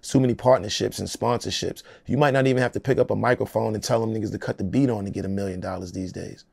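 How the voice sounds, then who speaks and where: A man's voice: lowish voice, fairly even intonation, fast talker, gravelly, a little mellow, breathy edge, dry recording. A man in his forties, a rapper being interviewed, talking in a casual, profane, streetwise way and often adding "you know what I'm saying".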